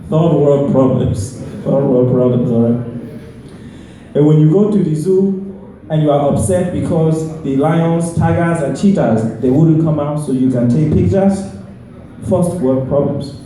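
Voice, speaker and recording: A man doing stand-up in a put-on Nigerian accent, delivering slow, deliberate punchlines with repeated refrains. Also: a little high, warm tone, natural voice. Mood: deadpan. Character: man with a thick Nigerian accent, deadpan storyteller. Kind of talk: stand-up comedy. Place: live comedy venue. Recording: echoey stage mic from far off with crowd noise.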